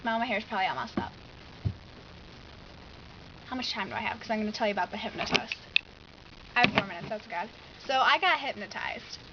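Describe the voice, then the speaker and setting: A teenage girl telling a story in a casual vlog, chatty and animated, full of "like.". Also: mid-range voice, a little fast, pauses often, muffled recording, background noise. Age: teens. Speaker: vlogger.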